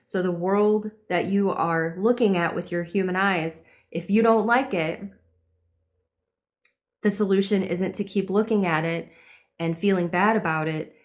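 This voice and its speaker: A woman's voice: on the low side, fairly even intonation, measured pace. A young woman giving a casual spiritual reading, meandering and dreamy, with lots of fillers. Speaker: tarot and horoscope reader.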